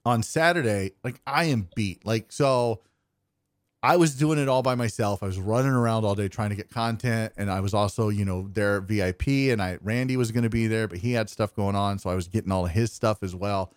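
A man's voice: fairly low pitch, fairly quick, dry recording, clean studio sound. A young man co-hosting a podcast, telling a long, rambling story in casual chat and acting out the people in it with self-deprecating humor. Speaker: podcast co-host.

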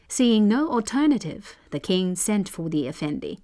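Woman host reading folk stories, measured and expressive, mid pitch. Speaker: storyteller host. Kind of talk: scripted narration.

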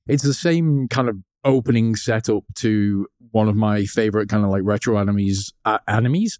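A man's voice: lowish voice, normal speed, darkish tone, no room sound, clean studio sound. A man co-hosting a podcast, chatting casually, drifting into tangents and mimicking lines from the show. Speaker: podcast co-host. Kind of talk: casual chat.

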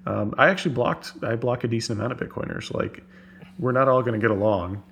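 A man in a relaxed conversation as a podcast guest, speaking fast with many fillers and restarts over a video call. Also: mid-range voice, creaky, slight background noise. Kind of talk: casual conversation. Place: home office on a video call.

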